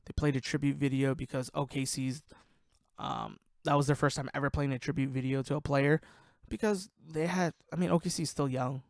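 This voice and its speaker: A man's voice: mid-range voice, fairly even intonation, brisk, vocal fry, no echo, clean studio sound. A man hosting a casual sports podcast, ranting in a heated, profane way, worked up and sweating. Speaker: podcast host.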